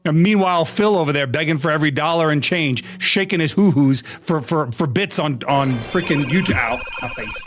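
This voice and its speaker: A man's voice: fairly high pitch, fairly quick, hardly any pauses, background noise. A young man live streaming, ranting at his chat in mock exasperation, swearing and laughing. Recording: faint music behind. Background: faint music.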